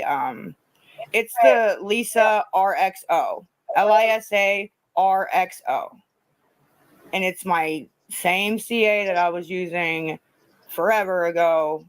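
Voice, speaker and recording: A woman's voice: on the low side, no echo, poor audio. A woman chatting casually on a livestream, rambling, repeating herself and swearing freely. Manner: rambling, profane, repetitive.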